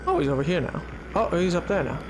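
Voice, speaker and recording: Playful streamer with lively pitch. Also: fast talker, background noise. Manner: playful, chatty, self-mocking. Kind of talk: casual live gameplay commentary to chat.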